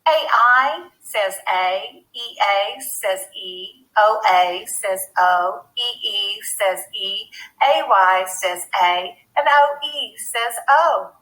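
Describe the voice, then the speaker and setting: A woman teaching a phonics lesson to young children, speaking slowly and clearly with a deliberate teacher's manner. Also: mid-range voice, fairly bright tone, rough recording.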